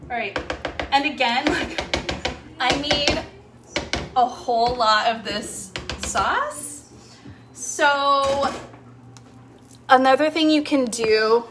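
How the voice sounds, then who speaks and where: A young woman with a slightly high voice chats her way through a home cooking demo. She rambles easily, with plenty of "um"s and "like"s, while she stirs and mashes in her kitchen. Music plays clearly beneath her voice. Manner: chatty, loose, full of fillers, talks while cooking. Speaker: home cooking show host. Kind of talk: casual live cooking demo.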